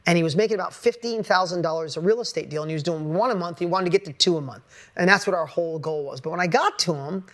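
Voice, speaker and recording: Blunt, energetic male business coach. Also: on the high side, fast talker. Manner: blunt, energetic, casual with swearing. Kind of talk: motivational talk to an audience.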